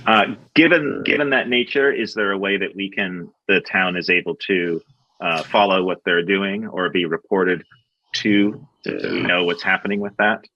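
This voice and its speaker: Very low-voiced man on dull call audio. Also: steady tone, slight background noise. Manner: earnest, halting questions. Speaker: selectboard member. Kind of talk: public meeting discussion. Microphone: video call.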